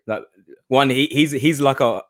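A man's voice: medium pitch, measured pace, dry recording. Thirties British guest, eager, backs up his partner, dry mic. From United Kingdom. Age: 30s. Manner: eager, agreeable, repeats short phrases. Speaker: guest, show creator. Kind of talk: casual interview chat.

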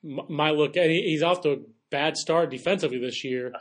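A man hosting a sports podcast, talking in a quick, chatty way with playful asides. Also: fairly high pitch. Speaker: podcast host. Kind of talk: casual sports chat.

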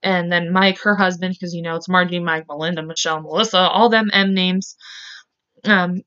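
A woman with a lowish, fairly bright and clean voice hosts a podcast, casually recounting a true-crime case at a moderate pace with fairly even intonation. She fills her speech with "like" and swears when angry, and the recording sounds dull and lo-fi.

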